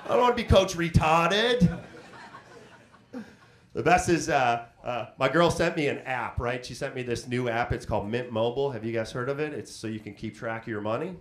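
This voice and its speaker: A man's voice: mid-range voice, expressive, normal speed, slight background noise. A man hosting a stand-up comedy set on a club stage, telling self-mocking stories and chatting with the crowd through a handheld mic.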